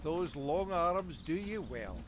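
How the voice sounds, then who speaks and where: An actor playing a kindly, strange old mountain guide with a light Scottish accent, giving folksy advice in a game. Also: male voice, fairly high pitch, animated, slow. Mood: encouraging. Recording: game audio with noisy background.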